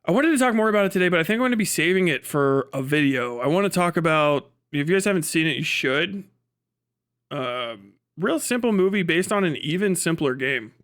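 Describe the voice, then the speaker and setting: Man from cincinnati, streamer, casual live chat, profane and rambling, slightly raised pitch. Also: lively intonation, a little fast, a bit bright. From Cincinnati, USA. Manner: profane, rambling, laughs through riffs on accents.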